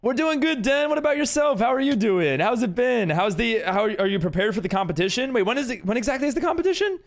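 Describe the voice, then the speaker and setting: A man's voice: extremely high pitch, animated, fast talker. A man chatting with his live-stream viewers while gaming, rambling with many fillers and restarts and greeting viewers upbeat. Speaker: livestreamer and server host.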